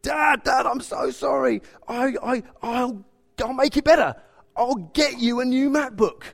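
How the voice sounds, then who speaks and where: A man's voice: very high-pitched, measured pace, gravelly, in a large hall, voice pushed up, heavily acted. A man voicing a panicked six-year-old boy who stammers out an apology to his dad. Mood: frantic.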